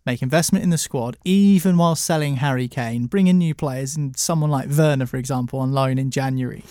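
A man's voice: medium pitch, brisk, dark tone, dry recording, clean studio sound. A man making his case in a casual football chat, challenging the others. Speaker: football podcast panelist.

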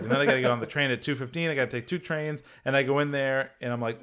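A man in his thirties with a Massachusetts accent, a podcast guest on a video call who tells loose, animated stories and swears freely. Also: mid-range voice, very fast, hardly any pauses, smooth. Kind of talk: casual podcast chat.

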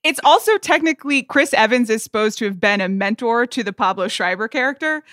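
Wry, bright-voiced female co-host. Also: a little high, animated, no room sound, clean studio sound. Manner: wry, quick, laughs while critiquing. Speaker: podcast co-host. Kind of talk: casual pop-culture chat.

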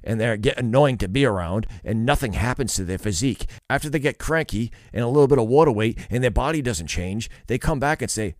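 Blunt lecturing man, lively pitch. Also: brisk, few pauses, no echo, studio quality. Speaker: commentator reacting to street interviews. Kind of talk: opinionated reaction commentary.

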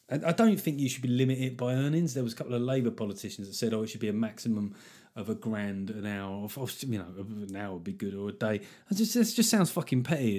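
A man's voice: medium pitch, a little mellow. A man hosting a comedy podcast, riffing sardonically and swearing freely in a solo monologue. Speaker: podcast host.

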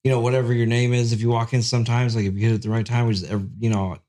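A man's voice: medium pitch, flat delivery, dark tone. A man hosting a podcast, a tattoo artist, joking and swearing in casual chat. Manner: fast, joking, profane.

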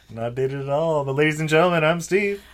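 A man's voice: on the high side, brisk. A man co-hosting a podcast in casual chat, joking and laughing often as he talks. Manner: jokey, laughs often, uses "y'all". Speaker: podcast co-host.

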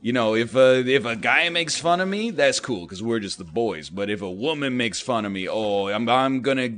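A man hosting a show, delivering a rambling, self-deprecating comedic monologue full of "like," with sudden pitch jumps when he acts out other people. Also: expressive, moderate pace, a bit bright. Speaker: show host.

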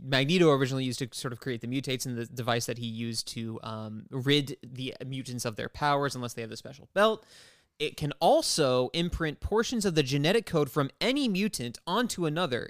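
A man co-hosting a podcast, recapping a cartoon episode in casual, excited chat and laughing often. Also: mid-range voice, smooth, dry recording, clean studio sound. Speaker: podcast co-host.

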